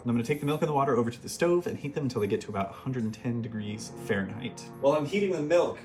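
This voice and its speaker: A man hosting a casual home cooking vlog from his kitchen, narrating each step with wry, self-deprecating jokes. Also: mid-range voice. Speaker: home cooking show host.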